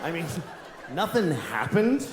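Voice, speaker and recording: A man's voice: fairly high pitch, very animated, unhurried. Wry man in his forties doing stand-up. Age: 40s. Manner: wry, rambling, self-deprecating. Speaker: stand-up comedian. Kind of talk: stand-up comedy routine. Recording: echoey room with noise.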